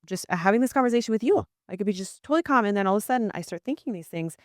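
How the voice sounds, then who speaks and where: A woman in her thirties hosting a podcast, reflective and animated as she shares her own experiences. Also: medium pitch, rapid-fire, no room sound, clean studio sound. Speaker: podcast host. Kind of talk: conversational interview.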